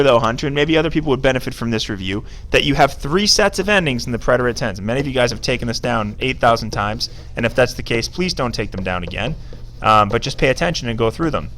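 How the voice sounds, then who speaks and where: A man's voice: mid-range voice, fairly bright tone, slight background noise. Chatty male Spanish teacher in class. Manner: chatty, informal, prompts students to call out answers. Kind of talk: casual classroom screencast lesson. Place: classroom with students present.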